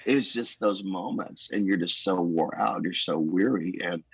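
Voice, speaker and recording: Husky low-voiced pastor telling stories. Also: male voice, unhurried, dry recording, low-quality recording. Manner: animated storyteller, acts out quotes. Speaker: guest. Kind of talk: casual storytelling conversation.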